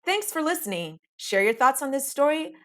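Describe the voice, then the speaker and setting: A woman's voice: high voice, moderate pace. A woman telling a comic first-person story on her podcast, emphatic and profane, talking straight to her listeners. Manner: animated, emphatic, profane, addresses listeners as "y'all".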